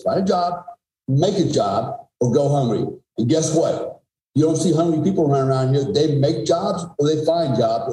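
A man's voice: on the high side, mellow. A middle-aged man, a podcast guest, telling a story in a blunt, emphatic, profane way. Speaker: podcast guest, former special forces soldier. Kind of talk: conversational storytelling. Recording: roomy echo.

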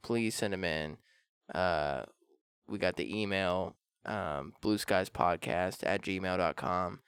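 A man's voice: sits low, takes it slowly, a bit bright, clear, resonant tone, no room sound, clean studio sound. A young man co-hosting a podcast, easygoing and profane, saying "dude" and "man" a lot. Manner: laid-back, profane, uses "dude" and "man". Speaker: podcast co-host. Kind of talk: casual podcast banter.

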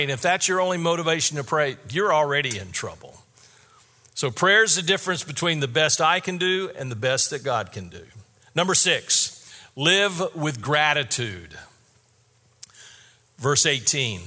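A man preaching a sermon in an earnest, candid way, repeating his key statements slowly. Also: fairly high pitch, very animated, sharp tone, in a large hall. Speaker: pastor.

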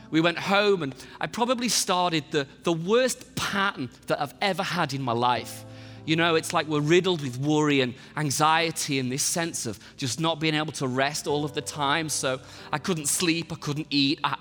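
A middle-aged pastor sharing a personal testimony in an emotional voice that rises high and tearful. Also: male voice, moderate pace, a bit bright. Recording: long reverb with faint music.

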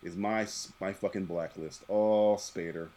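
A man's voice: low voice, slow. A man hosting a podcast, talking casually and profanely, with frequent laughter. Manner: animated, profane, laughs often. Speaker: podcast host. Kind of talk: casual chat.

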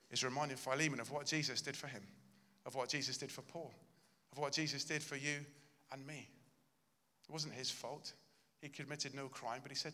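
Male pastor preaching, sharp bright voice, earnest and emphatic, echoing hall. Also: mid-range voice, steady tone, normal speed, long pauses. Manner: earnest, emphatic preaching that acts out quoted lines. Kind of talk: sermon.

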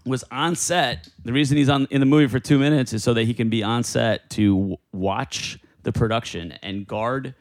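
A man's voice: mid-range voice, moderate pace, few pauses. A man hosting a casual podcast chat, telling rambling stories. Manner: rambling, storytelling, animated. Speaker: podcast host. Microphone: podcast mic.

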